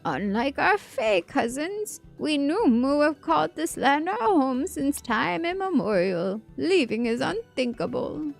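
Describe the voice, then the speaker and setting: A woman's voice: sits high, very animated, measured pace, gravelly, few pauses, soft background music, voice pushed up, heavily acted. A woman voicing a stubborn, ancient fae-folk elder, speaking grave, old-fashioned lines from a game. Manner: archaic, grave pronouncements. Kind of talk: reading game dialogue aloud.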